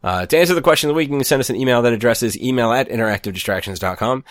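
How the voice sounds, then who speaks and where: A man's voice: medium pitch, very fast, no room sound. Male podcast co-host, easygoing chat, dry close-miked sound. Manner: relaxed, laughs easily, reads out show plugs.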